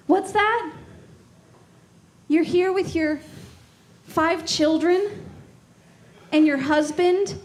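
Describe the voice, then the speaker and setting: A woman's voice: extremely high pitch, extremely slow, long pauses. A woman doing a sardonic, profane stand-up set, teasing the crowd. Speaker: stand-up comedian. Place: comedy club stage.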